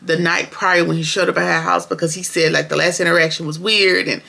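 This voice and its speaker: Chatty show reviewer, kinda gravelly, talks loose and slangy, lots of opinions. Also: medium pitch, little pitch movement, brisk, sharp tone. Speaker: TV episode reviewer. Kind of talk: casual recap commentary.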